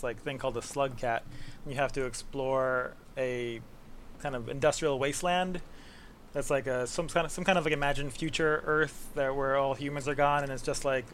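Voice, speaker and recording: A man's voice: mid-range voice, fairly bright tone, a little hiss or hum. A man from the Bronx, talking casually as a podcast guest, rambling with fillers and laughter. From the Bronx, New York. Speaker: podcast guest, games writer. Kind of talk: casual conversation.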